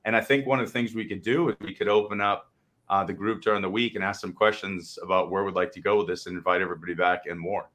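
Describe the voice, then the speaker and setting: Playful low-voiced co-host man. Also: quick pace. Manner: playful, excitable, stammers when excited. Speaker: podcast co-host. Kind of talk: casual live-show talk.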